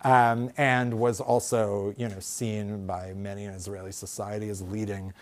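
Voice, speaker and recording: A rabbi giving a conversational lecture to a live audience, thinking aloud with hedges and frequent restarts. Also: male voice, on the low side, level tone, moderate pace. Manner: thoughtful, hedging, many fillers and restarts. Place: lecture room with in-person audience.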